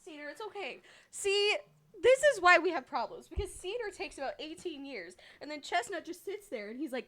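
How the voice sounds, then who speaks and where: A woman with a very high, bright voice chats casually on a livestream. Her pitch swings widely as she coaxes and scolds her cats, then rattles off greetings to her viewers. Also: expressive, a little fast, dry recording. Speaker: streamer.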